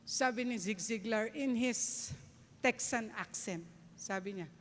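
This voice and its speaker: A woman's voice: a little high, unhurried, slight background noise. A woman with a Filipino accent giving an emphatic motivational speech on stage, switching between Tagalog and English. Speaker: network marketing leader giving a keynote. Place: large event hall, on stage. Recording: long reverb of a large event hall.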